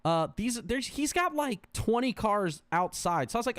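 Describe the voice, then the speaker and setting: A man co-hosting a casual podcast, talking in an animated, rambling way with lots of restarts. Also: sits high, a little slow, no echo, studio quality. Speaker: co-host.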